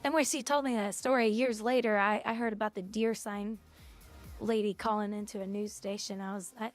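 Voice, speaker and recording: A woman's voice: mid-range voice, steady tone, fairly quick, soft background music. A young woman streamer chatting casually on a livestream, blunt and opinionated, rambling from one thought to the next.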